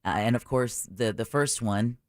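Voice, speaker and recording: A man's voice: medium pitch, moderate pace, dry recording, studio quality. A man hosting a radio talk show, reading news items and bantering with his co-host. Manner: animated, newsreading with banter. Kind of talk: casual news chat.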